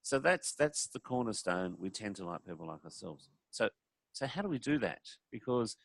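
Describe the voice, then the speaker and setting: A man's voice: on the low side, very animated, moderate pace, gravelly, dry recording. A man giving a conversational talk on communication, acting out sample phone calls to show his points. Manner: conversational, demonstrates voices while explaining. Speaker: speaker on communication. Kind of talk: presentation talk.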